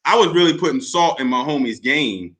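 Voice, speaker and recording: A man's voice: a little high, animated, fairly quick, a bit bright. A man in his thirties, a radio host, chatting casually on a podcast with playful slang and frequent laughs. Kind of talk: casual chat.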